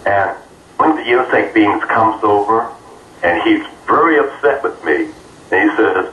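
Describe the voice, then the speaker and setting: Low-voiced man telling a story. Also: lively intonation, fairly bright tone. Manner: earnest, halting with fillers. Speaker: interview guest. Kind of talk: personal storytelling. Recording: roomy, distant mic, faint noise.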